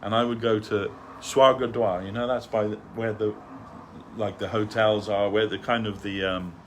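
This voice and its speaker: A man's voice: fairly low pitch, flat delivery, normal speed, a little hiss or hum. A man telling a rambling, chatty anecdote during a devotional talk in a temple hall, laughing at his own story. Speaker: speaker giving a devotional talk.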